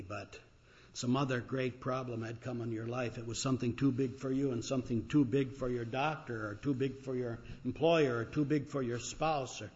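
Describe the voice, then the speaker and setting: A man preaching a sermon with dramatic swings, loud when he cries out and quiet when he reflects. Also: mid-range voice. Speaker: pastor. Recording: dull, lo-fi recording.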